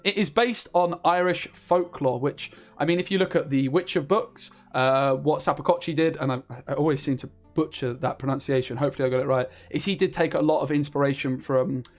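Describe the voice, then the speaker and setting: A man giving a chatty, enthusiastic card-game review as the channel's content creator, with frequent fillers. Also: on the high side. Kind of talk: casual card review commentary.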